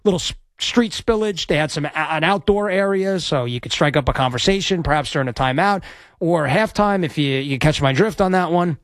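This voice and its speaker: Energetic man hosting sports radio. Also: fairly high pitch, fairly quick, dry recording. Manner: energetic, rambling, self-promoting. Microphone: studio microphone.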